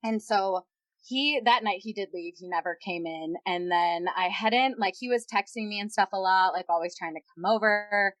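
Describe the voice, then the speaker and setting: A woman's voice: mid-range voice, normal speed, fairly bright tone, no echo. A young woman guest on a podcast, candidly retelling a personal story with lots of quoted dialogue.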